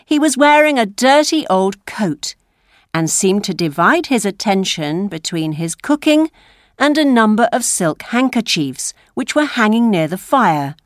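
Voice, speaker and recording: A woman narrating a classic story aloud for language learners, slow and expressive. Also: mid-range voice, no room sound, clean studio sound. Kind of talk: reading a graded story aloud.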